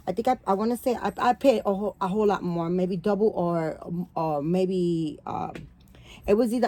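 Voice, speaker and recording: A woman hosting a doll vlog in casual chat, loose, profane and rambling with many fillers, cooing softly at her dolls. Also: mid-range voice. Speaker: doll channel host.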